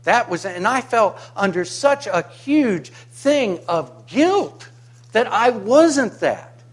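A male pastor with a fairly high voice, preaching slowly and deliberately. He swings between hushed, tender passages and loud, fervent declarations, often throwing rhetorical questions out to the congregation. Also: big pitch swings. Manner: impassioned, swings from quiet to loud. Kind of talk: sermon.

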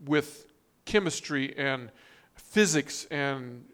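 A man's voice: mid-range voice, expressive, extremely slow, fairly bright tone. A man preaching a sermon, reading scripture and quotes with emphatic, rising stress and frequent restarts. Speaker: pastor.

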